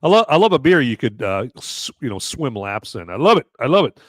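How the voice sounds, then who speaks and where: A man's voice: mid-range voice, a little fast, no echo, studio quality. A man hosting a live podcast, bantering casually with his chat and swearing freely. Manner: animated and profane, bantering with chat. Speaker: podcast host.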